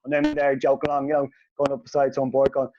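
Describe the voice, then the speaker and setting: Man, podcast host, animated sweary storyteller, mid pitch, dull recording. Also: fast talker, slight background noise. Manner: animated, sweary, voice jumps up when quoting himself. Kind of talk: casual storytelling.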